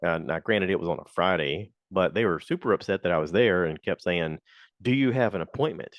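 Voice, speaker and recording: A man with a deep, low voice tells a casual story on his podcast. He talks frankly and complains as he goes, and acts out the people in it. The recording is close and dry, with no room sound. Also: a little fast, no echo, highs cut off. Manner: animated, slips into quoted voices. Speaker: podcast host.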